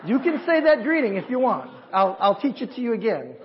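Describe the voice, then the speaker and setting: A man in a church service, a pastor talking with his congregation in a lively, upbeat way and leading them through a greeting. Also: extremely high pitch, fairly quick, lo-fi sound, a faint crowd, a little hiss or hum. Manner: warm, upbeat, talks with the congregation and teaches them. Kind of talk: sermon.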